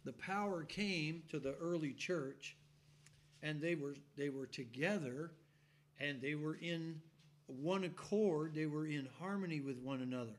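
A male preacher gives a sermon as folksy, animated storytelling, often laughing while acting out a shouting congregation. His voice is a little high and his pace a little slow.

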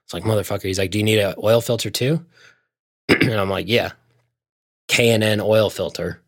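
A man's voice: on the low side, normal speed, dry recording, clean studio sound. Swearing man telling a story. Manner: profane, animated storytelling with frequent swearing. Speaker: storyteller in casual conversation. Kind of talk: casual chat.

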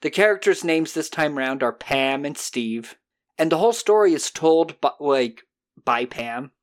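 Animated, profane podcast recapper. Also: mid-range voice. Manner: animated retelling with quick put-on character voices, profane. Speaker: podcast host. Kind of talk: casual episode recap.

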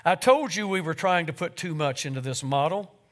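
A man's voice: fairly high pitch, expressive, brisk, natural voice. A man voicing a doubtful female angel who questions everything, within a story read aloud in a sermon. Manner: skeptical, questioning.

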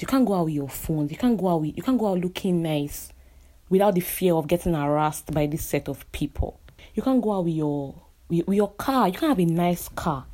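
Young woman, Nigerian accent, fiery indignant vlog rant, low warm voice. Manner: impassioned and indignant, repeating phrases for emphasis. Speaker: architect.

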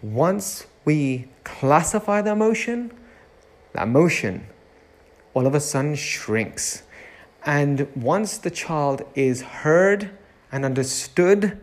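A man who runs a nursery, giving a reflective self-help talk, repeating key phrases and lingering on words. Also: medium pitch.

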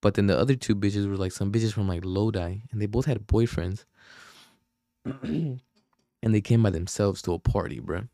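A man's voice: fairly low pitch, normal speed, pauses often, mellow, no room sound, clean studio sound. A young man from Oakland, hosting a podcast and telling a rambling, profane story full of slang and fillers. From Oakland, California. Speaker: podcast host. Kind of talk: casual storytelling.

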